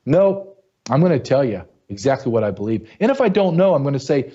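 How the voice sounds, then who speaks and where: A man hosting his own show, delivering a blunt, angry commentary monologue that keeps rising into sharp outbursts. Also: medium pitch, very animated, a little fast, breathy edge, dull audio. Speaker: show host.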